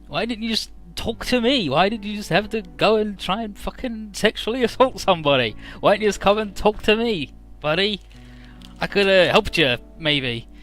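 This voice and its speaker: A man's voice: high voice, animated, extremely slow, hardly any pauses, pushed and bright, soft background music, voice pushed up, heavily acted. A man voicing a hurt young woman pilot who pleads with a friend in a game recap. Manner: pleading, questioning.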